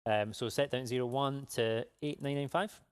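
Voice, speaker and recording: A man's voice: mid-range voice, steady tone, normal speed, clean tone, no echo. A man hosting a live prize draw, chatty, upbeat and jokey. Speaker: giveaway live draw host. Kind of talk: casual live-stream chat.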